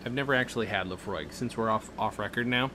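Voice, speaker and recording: A man's voice: on the low side, fast talker, a crowd in the background. A man co-hosting a comedy podcast in casual chat, rambling and joking with frequent laughs. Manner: rambling, jokey, laughs often. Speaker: podcast co-host.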